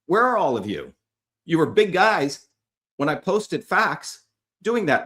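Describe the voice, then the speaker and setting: A man's voice: fairly high pitch, big pitch swings, measured pace, fairly bright tone. A man hosting a livestream, delivering a heated, profane, combative rant at his viewers. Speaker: livestream host.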